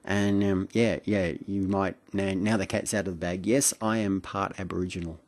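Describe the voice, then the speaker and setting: Deep-voiced Australian man rambling late at night. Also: steady tone, normal speed, a little mellow. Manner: rambling, hesitant, chuckling, with many fillers and restarts. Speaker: vlogger. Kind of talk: late-night reflective monologue. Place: home at night.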